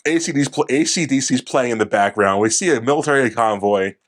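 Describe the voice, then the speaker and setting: A man's voice: mid-range voice, brisk. A young man co-hosting a casual movie review podcast, rambling, swearing and correcting himself as he recaps scenes. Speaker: podcast co-host.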